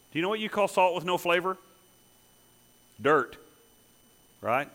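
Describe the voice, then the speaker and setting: A man preaching a sermon, emphatic, with rhetorical questions that build to loud peaks. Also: sits high, expressive, measured pace, low-quality recording.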